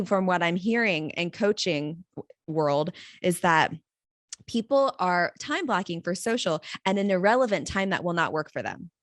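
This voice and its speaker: A woman guest on a podcast, chatting in a lively, emphatic way and laughing often. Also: lowish voice, dry recording, studio quality. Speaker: podcast guest, mortgage professional. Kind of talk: casual podcast chat.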